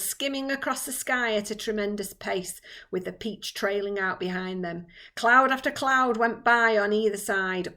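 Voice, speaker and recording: A woman's voice: medium pitch, a bit bright. A woman teacher reading a children's book aloud with dramatic expression.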